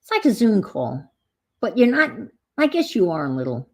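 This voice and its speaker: Chatty woman with a gravelly, husky voice. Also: medium pitch, very animated, normal speed. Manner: chatty, rambling, greets viewers by name. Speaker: craft livestream host. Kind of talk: casual live chat while crafting.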